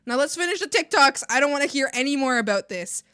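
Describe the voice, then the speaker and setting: A young woman streaming live, talking bluntly to her chat, then turning loud and playful. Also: sits high, lively intonation, fast, no echo, clean studio sound. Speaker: art streamer.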